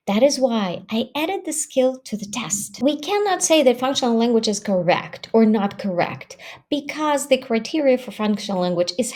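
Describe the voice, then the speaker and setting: A woman explaining language points as an English teacher, in a measured, instructive way, reading example phrases aloud. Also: on the high side, a little mellow. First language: Russian. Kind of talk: explanatory lesson.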